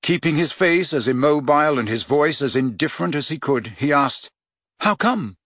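A man reading a children's novel aloud as an audiobook narrator, in a measured storytelling manner. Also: on the high side, a bit bright, no room sound, studio quality. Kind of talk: scripted narration.

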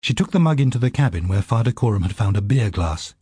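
A man narrating an audiobook in a steady, vivid storytelling manner. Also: fairly low pitch, fast, husky, no room sound, studio quality.

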